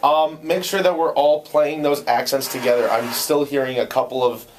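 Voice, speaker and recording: A young man with a slightly hoarse voice, coaching a trumpet section in rehearsal. He sings the rhythms to demonstrate and counts the players in. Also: mid-range voice, steady tone, moderate pace, slight background noise. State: voice going hoarse. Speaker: ensemble conductor. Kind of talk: rehearsal instruction. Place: band rehearsal room. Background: trumpets playing.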